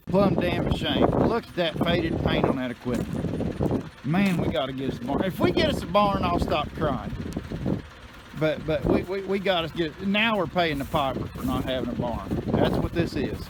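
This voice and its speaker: A middle-aged man with a drawl holds forth outdoors in a folksy, cussing rant on a farm vlog. His voice sits fairly high, and the outdoor recording carries steady background noise. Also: normal speed. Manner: folksy, cussing, fired-up ranting. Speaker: farm vlogger.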